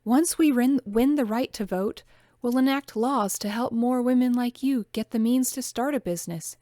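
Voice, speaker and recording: A woman reading the part of a genteel young lady, earnest and encouraging, her voice lifted a little higher. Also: expressive, moderate pace, darkish tone, dry recording, clean studio sound, lightly acted.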